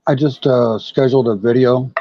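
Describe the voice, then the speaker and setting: Male American guest, relaxed and friendly, hesitant fillers, dry muffled call sound. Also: medium pitch, normal speed, no room sound. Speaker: guest on a live chat. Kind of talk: casual live-stream chat. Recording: dry, dull lo-fi call audio.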